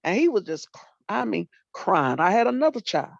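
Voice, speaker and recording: An older woman, a retired teacher and librarian, telling animated stories about her students in casual talk and acting out what people said. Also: medium pitch, moderate pace, gravelly, no echo. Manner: animated storyteller, acts out quotes, folksy Southern phrasing. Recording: dull lo-fi dry sound.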